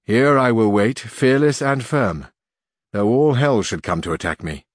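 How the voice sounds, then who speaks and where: A man's voice: medium pitch, expressive, a little slow, dry recording, studio quality. A man playing a lofty, indignant old knight.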